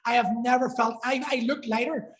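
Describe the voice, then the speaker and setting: A man's voice: very high-pitched, fairly even intonation, fairly quick, poor audio. A man telling a personal story as a podcast guest, earnest and emotional, swearing for emphasis.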